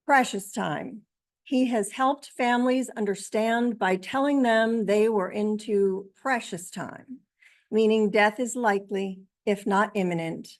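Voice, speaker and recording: A woman author talking about her book and showing her artwork, in a halting way with many pauses and fillers. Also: medium pitch. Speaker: author and widow.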